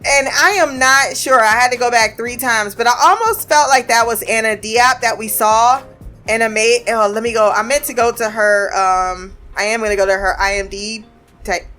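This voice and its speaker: A woman's voice: on the high side, moderate pace, pushed and bright, faint music behind. Chatty woman recapping a TV episode. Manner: chatty, swears freely, acts out characters' lines; laughs often while retelling.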